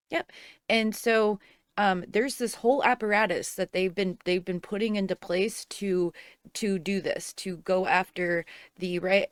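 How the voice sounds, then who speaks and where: A woman's voice: medium pitch, no echo, studio quality. A woman hosting political commentary, talking casually and repeating herself as she rambles.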